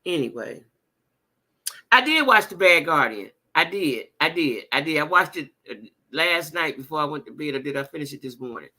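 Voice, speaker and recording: A woman hosting a casual livestream chat, talking to her viewers in a blunt, animated and profane way, with repeated exclamations. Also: low voice, normal speed. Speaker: livestream host reading viewer comments.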